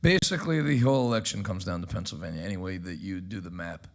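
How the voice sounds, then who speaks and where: An American pastor hosting a casual news commentary show, tossing off wry quips between clips. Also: male voice, deep voice, fast talker, vocal fry.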